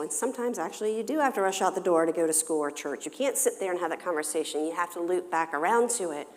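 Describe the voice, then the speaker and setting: A woman's voice: lowish voice, lively intonation, fast, hardly any pauses. Counselor woman speaking in a reverberant hall. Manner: engaging, poses questions to the audience. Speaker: family counselor giving a talk. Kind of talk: parenting seminar talk. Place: church hall.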